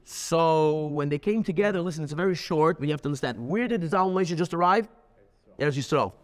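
A man teaching a lively lecture, telling stories with emphatic, animated delivery and many repeats. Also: a little high, brisk, big-room sound. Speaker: Torah teacher.

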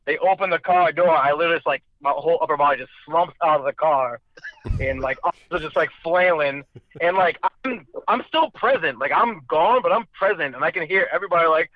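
A man's voice: on the high side, brisk, dry recording. Profane rambling storyteller man, lo-fi. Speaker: storyteller guest. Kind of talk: casual chat. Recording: dull lo-fi dry sound.

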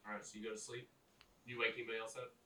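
Bright-voiced man game master, echoey room. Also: medium pitch, flat delivery, racing. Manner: loose, rambling narration with many fillers. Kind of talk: narrating a tabletop game. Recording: echoey room, distant mic, faint hiss.

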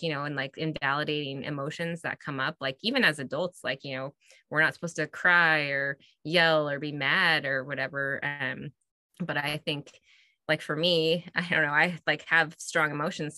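A woman in her thirties co-hosts a relaxed parenting podcast. Her voice is notably low yet bright and forceful, and she tells stories animatedly, padding them with "like" and "you know". The sound is dry and close. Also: dry recording. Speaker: podcast co-host. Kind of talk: casual chat.

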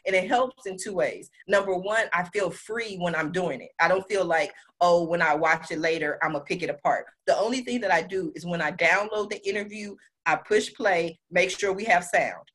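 A woman hosting a podcast interview in casual chat, animated and laughing, jumping high and low and going off on tangents. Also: moderate pace, hardly any pauses, low-quality recording. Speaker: podcast host.

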